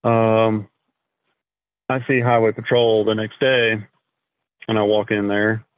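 A man telling his story as a podcast guest, in a halting, casual way, often clearing his throat and filling gaps with fillers. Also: lowish voice, level tone, dry recording. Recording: thin phone-like sound, dry.

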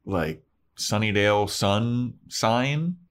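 A man's voice: fairly low pitch, slow pace. A man co-hosting a casual chat, retelling a story in a laid-back, rambling way. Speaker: podcast co-host.

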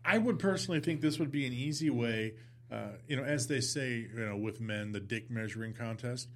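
A man's voice: medium pitch, a bit bright. A man hosting a podcast, asking questions in a casual, jokey way. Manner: jokey, quick with puns. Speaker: podcast host. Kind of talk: casual interview chat.

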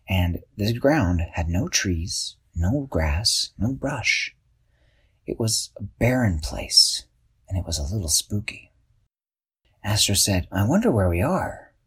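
A man narrating a children's story, expressive and slowing down for suspense. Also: low voice, breathy edge.

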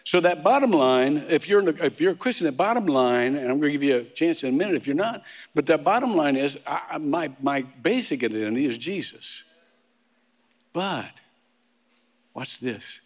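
Male pastor preaching in a church sanctuary, relaxed and anecdotal, repeats and restarts words, with a long reverb tail. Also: fairly high pitch, normal speed. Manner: conversational storytelling with frequent restarts and humorous asides. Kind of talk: sermon. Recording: long reverb of a large hall.

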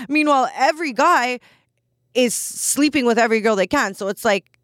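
A woman's voice: on the high side, brisk, a bit bright, no echo, studio quality. A woman in her twenties hosting a casual solo podcast, talking candidly and bluntly with lots of "like" fillers. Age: 20s. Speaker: podcast host.

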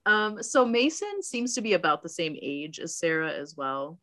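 A woman's voice: on the low side, very animated, normal speed, pushed and bright. Giggly woman recapping a movie. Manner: giggly, recaps from notes, laughs often. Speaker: podcast co-host. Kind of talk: casual movie recap chat.

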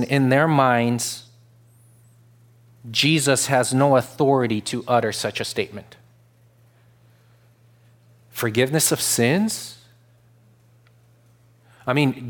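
Earnest preaching man, rising to loud peaks. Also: medium pitch. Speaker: pastor. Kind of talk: sermon.

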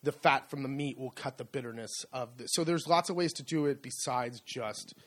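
A man's voice: mid-range voice, moderate pace, a bit bright. A middle-aged man co-hosting a casual podcast chat, rambling with many fillers and restarts. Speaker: co-host. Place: rural home.

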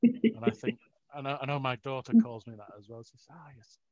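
A man's voice: mid-range voice, very animated, fairly quick, mellow. A middle-aged man in a casual chat, rambling with restarts, self-mocking and often chuckling. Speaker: interview guest. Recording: dull lo-fi recording.

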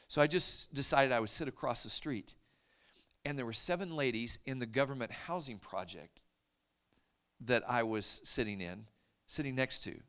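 A man preaching a sermon, telling a story in an earnest, soft-spoken way that sinks to a near whisper at tender moments. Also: mid-range voice, clean tone. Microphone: handheld mic, later set aside to talk loud off-mic.

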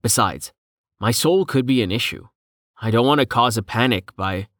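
A man's voice: mid-range voice, moderate pace, a bit bright, no echo, clean studio sound, close to an everyday voice. A man voicing a weary young captain whose voice sounds tired and faint.

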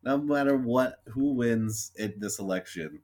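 A man's voice: medium pitch, a little slow, darkish tone. A young man co-hosting a podcast, venting in a frustrated, sweary, sarcastically apologetic rant. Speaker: podcast co-host. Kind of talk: casual chat.

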